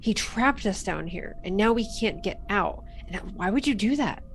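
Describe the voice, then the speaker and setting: A woman's voice: medium pitch, animated, lightly acted. Lady doing a suspicious woman snapping accusations, with a little hiss behind. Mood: accusing. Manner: rapid, accusatory.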